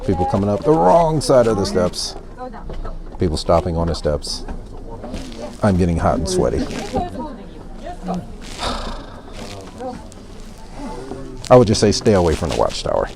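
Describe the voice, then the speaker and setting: Deep-voiced man vlogging, out of breath. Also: sing-song, brisk, creaky, pauses often, a crowd in the background. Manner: chatty, breathless commentary while climbing stairs. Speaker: travel vlogger. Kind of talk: casual travel vlog narration. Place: inside a stone tower and outdoors at a canyon rim.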